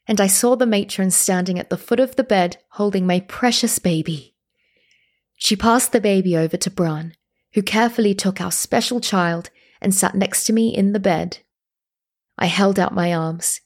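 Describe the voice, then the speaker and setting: Husky woman narrating a story. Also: mid-range voice. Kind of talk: first-person audiobook narration.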